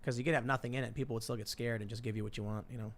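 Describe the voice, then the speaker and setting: A man hosting a live talk show, reading viewer messages aloud in quick, casual chat. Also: mid-range voice, steady tone. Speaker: show host.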